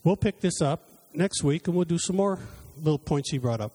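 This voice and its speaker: Warm and husky, a man's voice on the high side carries an expressive sermon at normal speed with hardly any pauses; he tells personal stories conversationally, acts out his exchanges with God, and then leads a final prayer.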